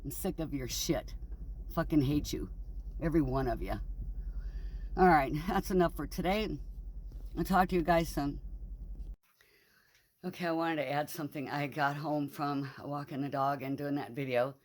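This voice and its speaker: A woman's voice: low-pitched, moderate pace, pauses often, darkish tone. A middle-aged woman in a casual vlog monologue, grieving and angry, rambling bluntly and swearing freely. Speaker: vlogger.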